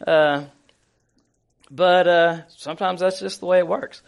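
A pastor with a high-pitched, steady voice and vocal fry preaches unhurriedly. His sermon is conversational, full of fillers and restarts, and he reads scripture aloud.

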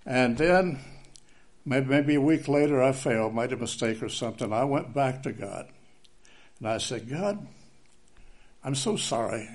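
A man's voice: mid-range voice, moderate pace. An older man giving an informal sermon, telling folksy personal stories and repeating key phrases for emphasis. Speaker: preacher.

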